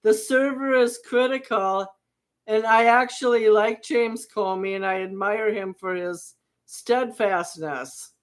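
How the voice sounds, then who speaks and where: A woman's voice: mid-range voice, slow pace. A woman co-hosting a casual political chat, firm and defiant in her views. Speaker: podcast co-host.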